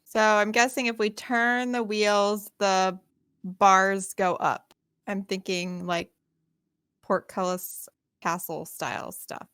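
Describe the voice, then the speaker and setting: A woman's voice: mid-range voice, fairly even intonation, takes it slowly, a bit bright, clean tone. A woman playing in a tabletop game, thinking aloud about the next move in a casual way. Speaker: player.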